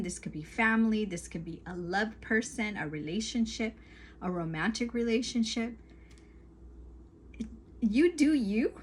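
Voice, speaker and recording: A woman's voice: mid-range voice, slight background noise. Earnest woman giving spiritual advice. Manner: earnest, repetitive, emphatic lists. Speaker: spiritual coach. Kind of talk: casual talking-to-camera advice.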